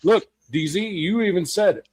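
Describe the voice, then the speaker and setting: A man's voice: high-pitched, normal speed. A man co-hosting a casual sports podcast, talking emphatically, often repeating himself and arguing his point. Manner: emphatic, repetitive, argumentative. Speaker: podcast co-host.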